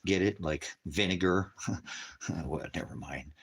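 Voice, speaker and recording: A man's voice: deep voice, slow, slightly rough. A man hosting a rambling casual livestream, joking crudely and talking baby talk to his dogs at home. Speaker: livestream host.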